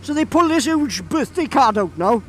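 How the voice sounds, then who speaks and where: A man's voice: very high-pitched, big pitch swings, normal speed, fairly bright tone, a little hiss or hum. A young Welsh man with a Welsh accent, chatty and laughing as he tells a story casually, outdoors by a road. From Wales. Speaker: vlogger. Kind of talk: casual anecdote.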